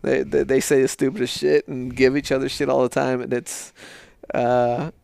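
Gravelly-voiced man in casual podcast chat. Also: mid-range voice, level tone, moderate pace, a little mellow, dry recording, studio quality. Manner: loose and profane, laughing often. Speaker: podcast co-host.

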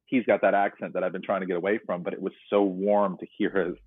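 A man from North Carolina speaks in a husky, slightly low voice, earnest and reflective as he tells his story in conversation. The sound is dry and close, with a thin line that sounds like a phone. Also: little pitch movement, fast, dry recording, phone-quality sound. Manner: earnest, reflective, retells scenes. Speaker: podcast guest.

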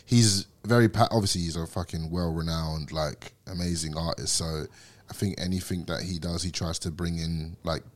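A man's voice: sits low, steady tone, moderate pace. A man with a British-sounding accent, chatting casually as a podcast guest, rambling with restarts and often laughing. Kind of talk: casual chat.

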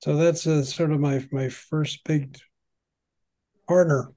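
An older man, a veteran padel player, tells long stories in an unhurried, rambling way, full of ums and restarts. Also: fairly high pitch, steady tone, dark tone. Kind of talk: conversational storytelling.

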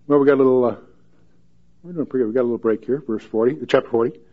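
A man in the middle of the usual pitch range gives a folksy, joking Bible teaching and reads each verse aloud with rising emphasis. The recording sounds slightly dull and lo-fi, like a home podcast. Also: racing.

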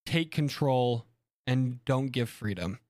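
A man co-hosting a casual podcast chat, animated and quick to joke and laugh. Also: medium pitch, dry recording, studio quality. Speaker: podcast co-host.

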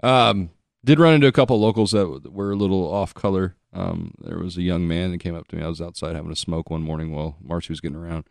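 Brief: man, lowish voice, dry close sound, profane rambling storyteller. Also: steady tone, quick pace, creaky, hardly any pauses, dry recording. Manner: profane, rambling, self-mocking. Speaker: podcast guest telling a travel story. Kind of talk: casual storytelling chat.

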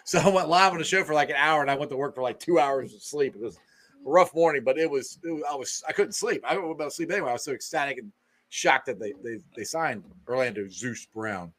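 Fast, bright-voiced man hosting a sports show. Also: on the high side. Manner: rapid, stammering, exuberant talk. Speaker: podcast host. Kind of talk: casual sports chat.

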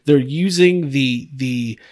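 A man's voice: medium pitch, slow pace, a little mellow. A man co-hosting a late-night podcast, chatting casually and rambling with many fillers and frequent laughs. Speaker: podcast co-host. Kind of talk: casual group chat.

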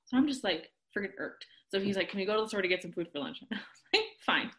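A woman chatting casually, telling a story in an animated way, acting out quotes and laughing often. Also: mid-range voice, fast talker. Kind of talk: casual chat.

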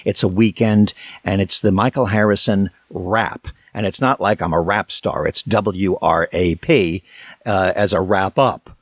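Male guest broadcaster, very low voice, measured explanatory delivery, dry sound. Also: fairly even intonation, no echo. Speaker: guest radio host. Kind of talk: interview answer.

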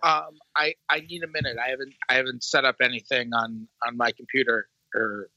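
A man's voice: medium pitch, fairly even intonation, brisk, pushed and bright, no echo, rough recording. A man on a podcast, flustered and hesitant while explaining himself. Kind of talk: casual chat.

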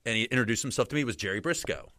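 A man's voice: medium pitch, lively intonation, racing, sharp tone, no room sound. A young man, a wrestler guest, telling stories in a casual, rambling way with many fillers. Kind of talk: casual storytelling interview.

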